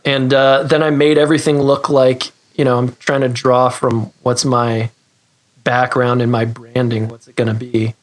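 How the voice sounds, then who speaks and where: Male podcast guest, mid-pitched, rambling, self-mocking, casual. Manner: rambling, self-deprecating, laughs. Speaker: guest, guitar pedal maker. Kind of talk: casual interview chat.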